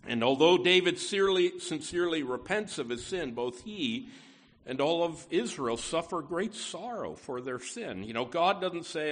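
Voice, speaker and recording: A man's voice: on the high side, animated, moderate pace, a bit bright. A man preaching a conversational sermon in a folksy way, full of asides and stressing key words. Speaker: pastor.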